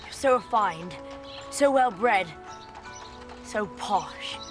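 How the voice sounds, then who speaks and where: A woman's voice: medium pitch, animated, very slow, over music. A woman voicing a pompous, upper-class twelve-year-old boy with a plummy, theatrical manner. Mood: gushing.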